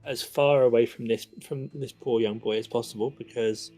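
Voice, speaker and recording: A man's voice: mid-range voice, steady tone, moderate pace, dark tone, no echo, faint music behind, close to an everyday voice. A man voicing a stern, commanding general who scolds a soldier.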